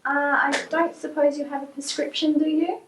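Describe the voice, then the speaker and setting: A woman's voice: high voice, flat delivery, moderate pace, close to an everyday voice. An actress playing a chemist who politely questions a customer about the drugs he asks for. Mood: questioning. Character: wary female chemist at the counter. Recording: echoey room, far from mic, faint noise.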